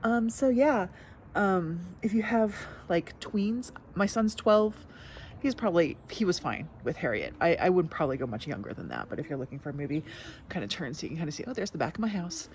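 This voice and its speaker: A middle-aged woman talks through her week in a casual book vlog, rambling and cutting herself off as she goes. Her voice sits low yet swings widely in pitch. She laughs at herself while she talks. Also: expressive, fairly quick, a little mellow, a little hiss or hum. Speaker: book vlogger. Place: backyard outdoors.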